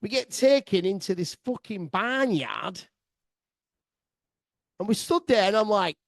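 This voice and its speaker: Excitable, swearing man telling a tale. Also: high voice, normal speed, long pauses, no room sound. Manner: excitable, swearing, bursts of laughter. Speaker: podcast storyteller. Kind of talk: sweary comic travel anecdote.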